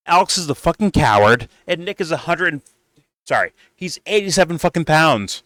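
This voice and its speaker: A man with a bright, forceful voice rants in a profane, exasperated way as he reacts to a video. He is recorded dry and close. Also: on the high side, very animated, moderate pace, no echo. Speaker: host reacting to a debate. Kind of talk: reaction commentary.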